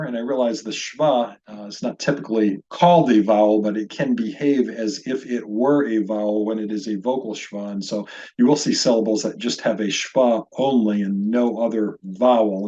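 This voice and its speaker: A man's voice: medium pitch, a little mellow. Patient male Hebrew teacher, lo-fi audio. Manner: patient, methodical explaining, invites viewers to repeat aloud. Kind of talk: recorded video lesson.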